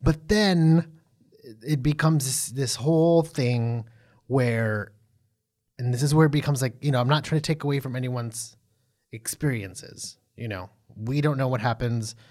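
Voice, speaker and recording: A man co-hosting a casual recap chat, animated and profane, full of fillers and restarts. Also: mid-range voice, a little slow. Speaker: podcast co-host.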